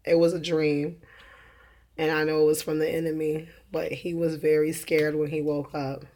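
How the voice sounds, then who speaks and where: A young religious vlogger speaks casually about faith and her children's dreams in a meandering monologue, peppered with fillers, restarts and laughter at her own jokes. Her low voice has a darkish tone and little pitch movement, at normal speed, with slight background noise.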